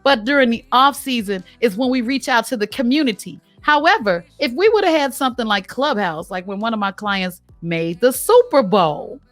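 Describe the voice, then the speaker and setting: Talkative woman host, a bit high-pitched, easy laughs, dry close sound. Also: moderate pace, few pauses, no echo, faint music behind. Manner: lively, talkative, laughs often. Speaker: podcast host. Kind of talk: casual interview chat.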